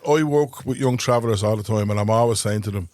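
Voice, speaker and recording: A man's voice: lowish voice, quick pace, darkish tone, no room sound, clean studio sound. A man hosting a podcast, telling stories in a casual, joking chat. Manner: storytelling, laughing and slagging. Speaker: podcast host.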